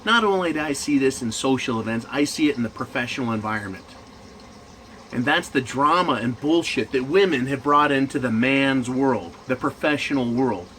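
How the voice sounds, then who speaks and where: A man's voice: medium pitch, animated, normal speed, a bit bright, slight background noise, low-quality recording. A man in management ranting crudely and mockingly in a profane monologue. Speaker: commentator.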